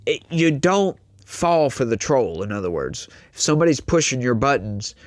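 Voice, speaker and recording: A man's voice: mid-range voice, very animated, normal speed, no echo. Mocking man saying y'all, dry sound. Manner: mocking, laughs often, says y'all. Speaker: political commentary host. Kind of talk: reaction commentary.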